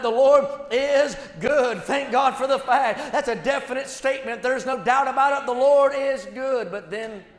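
A man preaching a sermon at a large meeting, in a rhythmic, repetitive preaching cadence. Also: high-pitched. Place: large meeting hall with a built platform. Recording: echoey hall with long reverb.

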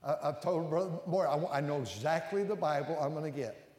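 An older man preaching a sermon as a pastor. He climbs to loud, emphatic peaks and then drops low and close. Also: a little fast. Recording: echoey hall with long reverb.

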